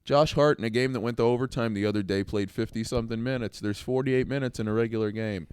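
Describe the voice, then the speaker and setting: A man's voice: mid-range voice, steady tone, fast, darkish tone, clear, resonant tone, no echo, studio quality. A man co-hosting a casual podcast chat, blunt and opinionated, laughing often. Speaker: podcast co-host.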